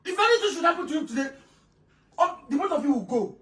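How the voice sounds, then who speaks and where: A loud, exasperated in-law, played by a woman, who stammers and shouts her scolding in a high voice at a rapid clip. She is heard from across an echoing room in this drama skit. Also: animated. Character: loud, exasperated female relative scolding quarrelling wives. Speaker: in-law scolding two wives. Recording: roomy room, voice from a distance.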